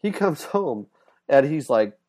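A man's voice: fairly high pitch, slow pace. A man co-hosting a podcast in casual chat, retelling a story and acting out the lines, with lots of fillers. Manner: animated retelling, acts out quoted lines, many fillers.

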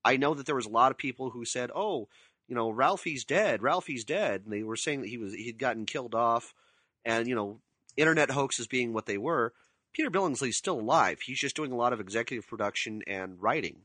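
A middle-aged man co-hosting a casual chat, retelling scenes with animated quotes and frequent laughter. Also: medium pitch, fast talker, dry recording. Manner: animated storyteller, acts out quotes; laughs often. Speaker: podcast co-host discussing a film.

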